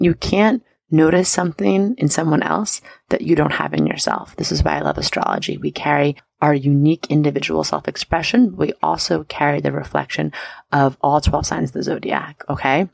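Woman podcast host, gravelly fry throughout, close and dry. Bubbly, affirming, coaching. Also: deep voice, steady tone, moderate pace, a little mellow, no room sound. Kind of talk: casual motivational talk.

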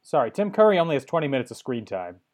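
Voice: medium pitch, very animated, fast, a little mellow. A podcast co-host in casual chat, sharing trivia in a matter-of-fact way.

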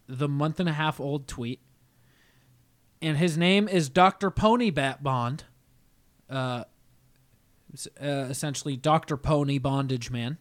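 A young man co-hosting a podcast, telling a story in animated, profane casual banter and laughing often. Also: on the high side. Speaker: podcast co-host.

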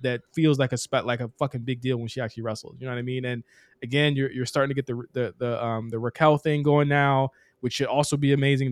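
A young man co-hosting a casual wrestling podcast, talking fast and profanely and laughing often. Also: medium pitch, no room sound, studio quality. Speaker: podcast co-host.

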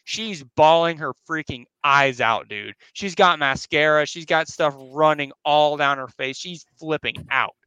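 Young man, casual storytelling, rambling and profane, bright voice, clear and smooth, dry close sound. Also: a little high, measured pace, few pauses, no echo, rough recording. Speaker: podcast host.

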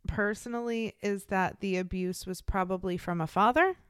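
A woman co-hosting a true crime podcast, telling the case in a casual, animated way, laughing often and swearing freely. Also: medium pitch, moderate pace, clean tone, no echo, studio quality. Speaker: podcast co-host.

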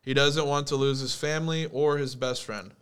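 A man co-hosting a casual podcast, reading a post aloud in a calm, steady way. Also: mid-range voice, moderate pace, clean tone. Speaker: podcast co-host.

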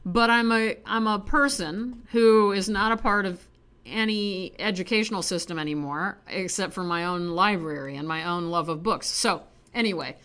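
A woman's voice: mid-range voice, moderate pace, a bit bright, clear, resonant tone. An American woman reading poetry aloud at home, chatty and self-deprecating, wandering into asides between poems. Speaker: poetry reader. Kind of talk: casual poetry reading vlog.

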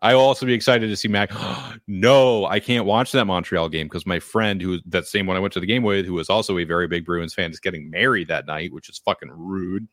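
A man's voice: low voice, steady tone, fairly quick, hardly any pauses, a bit bright, no room sound, studio quality. A man co-hosting a hockey podcast, talking casually and animatedly, swearing and laughing often. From French Canadian heritage. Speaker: podcast co-host. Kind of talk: casual sports chat.

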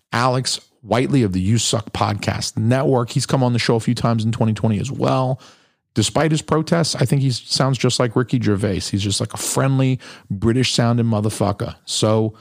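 Foul-mouthed, low-voiced man rambling on a podcast. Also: dry recording, studio quality. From New Hampshire. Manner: crude, blunt, swears constantly, rambling. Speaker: podcast host. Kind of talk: profane casual monologue.

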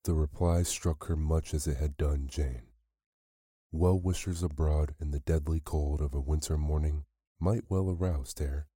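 A man reading a classic short story aloud as a bedtime storyteller, calm and measured. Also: rumbling low, husky, no echo, clean studio sound.

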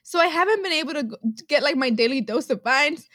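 A woman's voice: high voice, lively intonation, quick pace, a bit bright, no room sound, studio quality. A young woman co-hosting a casual podcast, giggly and nervous, dropping slang as she guesses quiz answers. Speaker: podcast co-host, quiz contestant. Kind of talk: casual chat.

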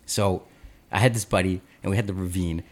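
Lower-voiced man telling a story with lots of swearing. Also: fairly quick. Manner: animated storyteller who swears freely. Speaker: podcast co-host. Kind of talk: casual podcast chat, telling a childhood story.

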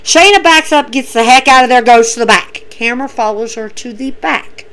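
A woman recapping wrestling shows in a casual, excitable way, acting out what people said. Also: a little high, normal speed, low-quality recording. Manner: excitable storyteller acting out quotes.

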